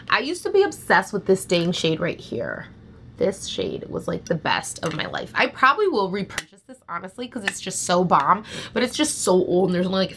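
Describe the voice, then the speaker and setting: A young woman beauty vlogger bluntly chats about makeup she's throwing out in a casual product review, rambling and packing her talk with "like." Her medium-pitched voice sounds pushed and bright, with a bit of hiss or hum in the recording.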